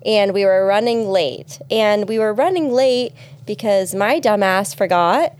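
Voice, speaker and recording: A woman co-hosting a podcast in casual chat, who throws in quick jokes and laughs often. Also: mid-range voice, a little mellow. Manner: quick, joking interjections with frequent laughter. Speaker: podcast co-host.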